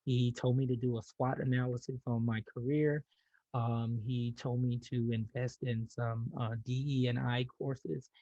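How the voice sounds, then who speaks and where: Gravelly man telling a personal story. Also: medium pitch, flat delivery, measured pace, warm tone, dry recording, lo-fi sound. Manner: repeats words when starting, laughs lightly. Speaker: podcast guest. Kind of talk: casual storytelling.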